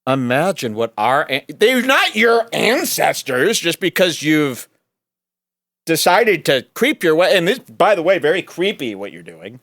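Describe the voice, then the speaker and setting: A man's voice: a little high, sing-song, measured pace, fairly bright tone, no echo, clean studio sound. A man hosting a podcast, giving sarcastic, scoffing commentary over a clip, often breaking into laughter. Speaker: podcast host.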